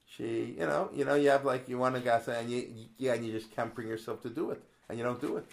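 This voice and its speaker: Gravelly-voiced man teaching a text class. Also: mid-range voice, steady tone, quick pace. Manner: conversational, asks many rhetorical questions, quotes Hebrew verses; digressive, with many restarts. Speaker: religious studies teacher. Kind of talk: Torah class lesson.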